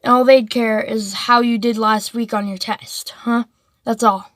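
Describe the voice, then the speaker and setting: Rambling high-voiced female storyteller. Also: steady tone, measured pace, fairly bright tone, no room sound, studio quality. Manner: rambling, full of "like" and restarts. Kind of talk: casual storytelling.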